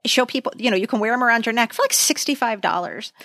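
A woman with a fairly high voice leads a relaxed podcast conversation. She tells stories with energy and acts out the lines of the people in them. Her voice sounds close and dry. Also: fast talker, no echo. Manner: lively storyteller, acts out quotes. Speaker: podcast host. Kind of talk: casual chat.

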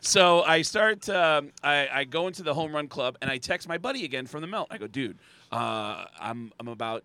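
Man, comedic storyteller, bright and forward tone, lively quotes with shouted bursts. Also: on the high side, moderate pace, smooth. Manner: animated, acts out quotes with loud shouting bursts. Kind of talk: casual podcast storytelling.

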